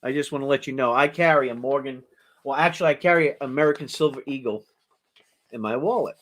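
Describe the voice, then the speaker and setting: A man's voice: medium pitch, fast talker, a bit bright. A middle-aged man hosting a coin auction, telling rambling anecdotes to his audience and chuckling as he goes. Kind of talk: casual storytelling to a live audience.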